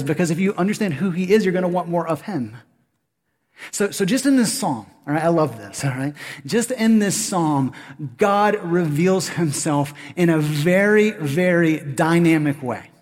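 A man preaching a sermon as pastor, animated, with rhetorical questions to the congregation. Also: fairly high pitch. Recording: long hall reverb.

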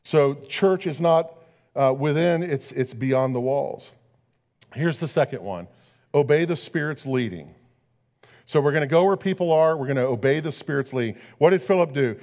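A man's voice: a little high, animated, normal speed, darkish tone, long reverb tail. A man preaching a sermon as pastor, talking conversationally and asking his listeners rhetorical questions.

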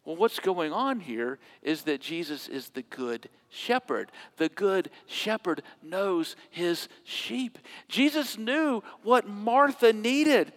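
A man preaching a sermon, swinging from loud emphatic quotes to hushed near-whispers. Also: high-pitched, very animated, slow, few pauses, big-room sound. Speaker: pastor.

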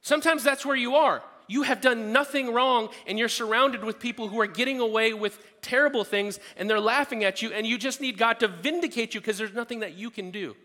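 A man's voice: very high-pitched, fairly quick, hardly any pauses, pushed and bright. A man preaching a sermon as a pastor, earnest and conversational, with frequent restarts. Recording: long hall reverb.

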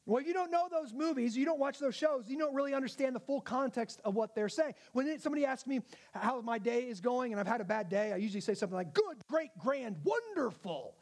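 A man's voice: very high voice, fast, darkish tone. A male pastor giving a conversational sermon, often checking in with his listeners. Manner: conversational, asks the audience questions.

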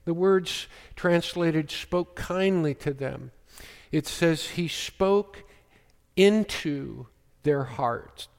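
A man preaching a sermon as pastor, slow and emphatic, often quoting scripture. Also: a little high, gravelly, a little mellow, in a large hall.

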